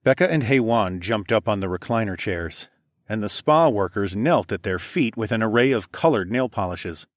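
Low-voiced man narrating an audiobook. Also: lively intonation, normal speed, no room sound. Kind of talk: first-person audiobook narration. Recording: dry close studio recording.

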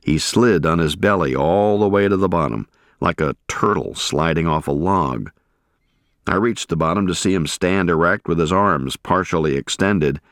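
Deep-voiced man narrating a war memoir. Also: dry recording, clean studio sound. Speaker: audiobook narrator. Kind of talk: first-person memoir narration.

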